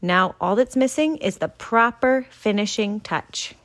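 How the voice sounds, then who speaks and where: Woman voicing storybook big sister, excitable, high and bright, slow read-aloud. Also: natural voice. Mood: eager. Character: eldest girl, caring big sister and storyteller.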